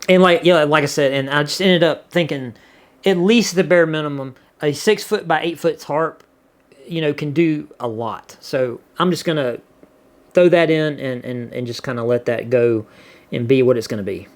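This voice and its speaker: A man's voice: on the high side, moderate pace. A middle-aged man, casually chatting to his viewers and reading their comments aloud in a rambling, easygoing way. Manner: laid-back, rambling, repeats words and restarts often. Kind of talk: casual chat.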